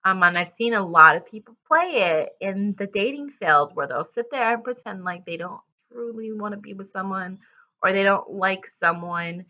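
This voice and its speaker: A woman's voice: mid-range voice, lively intonation, moderate pace, pushed and bright, highs cut off. A woman giving a casual tarot love reading to her viewers, talking in a rambling way with fillers and restarts. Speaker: tarot reader.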